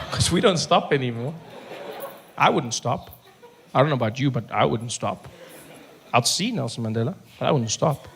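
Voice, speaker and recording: A young man doing a stand-up routine, telling animated stories full of voices and asides. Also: medium pitch, moderate pace, creaky, long pauses, slight background noise. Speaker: stand-up comedian.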